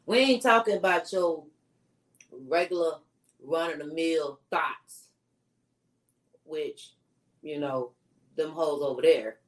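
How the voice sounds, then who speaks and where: A woman's voice: deep voice, slow pace, pauses often. A woman co-hosting a casual live-stream chat, talking in a laid-back, slangy way. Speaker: co-host.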